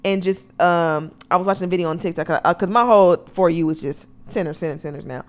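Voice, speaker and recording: A woman co-hosting a podcast, chatting in a lively, playful way and often slipping into quoted voices. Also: on the low side, quick pace. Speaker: podcast co-host. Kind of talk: casual podcast chat.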